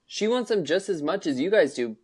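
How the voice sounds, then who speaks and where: A young woman co-hosting a podcast in casual chat, animated, acting out movie lines and swearing casually. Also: on the low side, fairly quick, husky. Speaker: podcast co-host.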